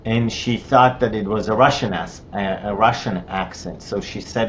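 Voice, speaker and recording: A middle-aged man from Israel with an Israeli accent and Hebrew as his first language, telling his personal story in a conversational way, with many restarts and fillers. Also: normal speed. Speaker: interview guest. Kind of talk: personal testimony. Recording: slightly dull with faint rumble.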